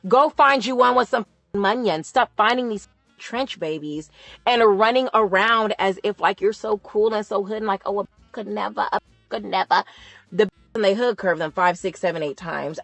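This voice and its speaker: A woman's voice: medium pitch, normal speed, a bit bright, no echo, soft background music. A young woman ranting casually about someone online, talking in an emphatic, chatty way and stretching out words for stress. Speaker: commentator. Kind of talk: casual opinion rant.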